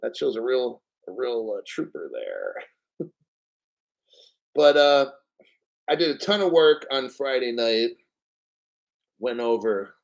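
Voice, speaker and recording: A man hosting a casual livestream, rambling and profane and clearing his throat often. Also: medium pitch, sing-song, slow, long pauses, low-quality recording. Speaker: crypto livestream host.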